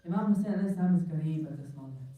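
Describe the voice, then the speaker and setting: A man's voice: a little high, rapid-fire, warm tone. A man delivering an impassioned mourning sermon, retelling a story with pleading intensity. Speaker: preacher. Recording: echoey hall, mic far off.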